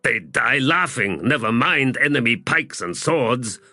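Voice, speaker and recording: A gruff, weary warlord from a fantasy audiobook, played by a male narrator. He speaks slowly and sardonically, with a bright, lively tone slightly above the narrator's own pitch. The sound is dry and close, with faint music underneath. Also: no room sound, full character voice. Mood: sardonic.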